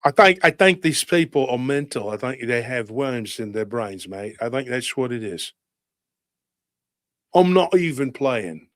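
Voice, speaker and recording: A man's voice: mid-range voice, lively intonation, a little slow, fairly bright tone, no echo. A cocky British street thug talks blunt and slangy, full of swagger, as a man puts him on. The sound is dry and close.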